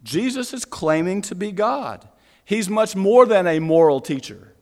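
A pastor preaches an earnest sermon in a church, asking rhetorical questions and repeating lines for emphasis. His voice is high and sing-song at a measured pace, with long church reverb on the recording.

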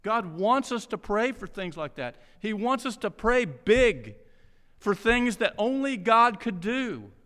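A male pastor with a high, bright voice preaches a sermon at a slow pace. He retells stories with animated energy and frequent restarts, and the church hall adds long reverb.

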